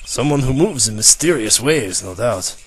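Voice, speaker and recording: A man's voice: mid-range voice, expressive, normal speed, a little hiss or hum, natural voice. A man doing a smug rock-star prosecutor. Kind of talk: reading game dialogue aloud in voices.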